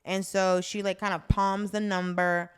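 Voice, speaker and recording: A woman's voice: mid-range voice, unhurried, clean tone. A woman co-hosting a podcast, casually recapping a drama and acting out the characters' lines. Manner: animated storyteller, acts out characters' lines. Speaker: podcast co-host.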